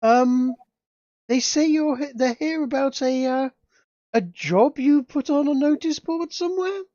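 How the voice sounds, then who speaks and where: A man's voice: very high voice, expressive, measured pace, dark tone, no room sound, muffled recording, voice pushed up. A man voicing a flustered female servant who stammers and hesitates as she announces guests.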